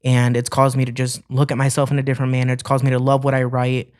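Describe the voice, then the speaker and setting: A man's voice: medium pitch, fast talker. A young man from Ohio, a musician guest, telling stories casually in an interview and acting out what people said. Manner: animated, acts out quoted dialogue.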